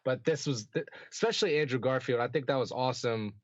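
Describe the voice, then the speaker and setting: A young man co-hosting a podcast, chatting excitedly, swearing and laughing often. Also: medium pitch, fast talker, no room sound. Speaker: podcast co-host. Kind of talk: casual chat. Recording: dull lo-fi sound.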